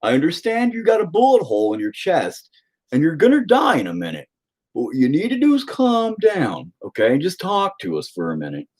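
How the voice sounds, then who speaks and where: A man mimicking a condescending emergency-room desk worker, slow and patronizing as if soothing a child. The voice sits a little higher than his own, sways up and down in a sing-song way, and never hurries. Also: wildly swooping pitch, darkish tone, husky, exaggerated voice.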